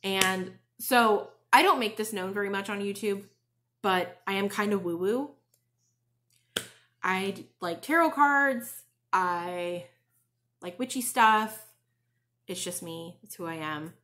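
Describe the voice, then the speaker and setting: A woman with a mid-range, fairly bright voice speaks slowly, leaving long pauses. She hosts a crochet and knitting podcast from home in front of a bookshelf, telling a story in a chatty, casual way.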